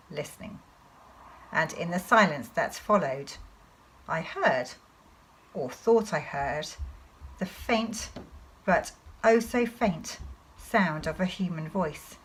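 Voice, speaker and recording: A woman teacher reading a children's novel aloud to her class in an expressive storytelling manner. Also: lowish voice, slow, long pauses, husky, low-quality recording.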